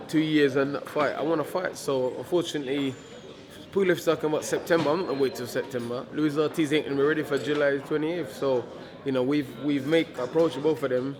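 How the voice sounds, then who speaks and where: A man, a heavyweight boxer in a casual press interview, talking defiantly and repeating himself, stumbling over words. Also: medium pitch.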